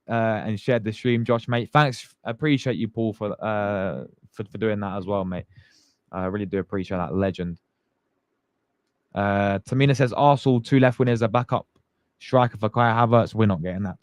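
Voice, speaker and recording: A man's voice: fairly low pitch, normal speed, dry recording, clean studio sound. A young man hosting a live fan stream, chatting casually and greeting viewers by name in slangy talk. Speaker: fan channel host.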